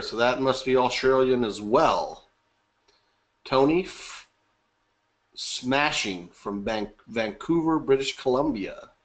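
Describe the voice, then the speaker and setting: A man's voice: medium pitch, fairly bright tone. A man hosting a live webinar, chatty and upbeat, greeting attendees by name and joking. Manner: upbeat, chatty, reading names aloud and joking. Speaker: webinar host.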